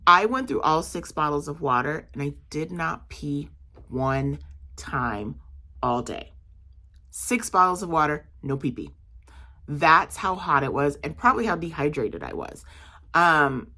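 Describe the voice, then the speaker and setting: A young adult woman vlogs about her day at a market stall, talking in a loose, animated way full of "um" and "like." Her voice sits slightly low but has a bright, forward edge. She tells it casually, as if talking to friends. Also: unhurried. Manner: animated, chatty storytelling with many fillers. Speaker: market vendor vlogger. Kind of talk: casual storytelling vlog.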